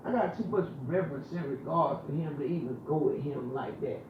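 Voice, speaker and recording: A man's voice: fairly high pitch, brisk, background noise. A man giving an emphatic, colloquial preaching talk on a ministry show, repeating his phrases as he presses his point. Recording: very echoey, distant, muffled room sound.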